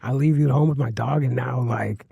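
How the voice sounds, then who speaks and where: A guest comedian on a podcast tells a long, rambling story full of restarts, fillers, and casual swearing. His medium-pitched voice is a little fast, slightly rough with vocal fry, on a muffled recording with no room sound.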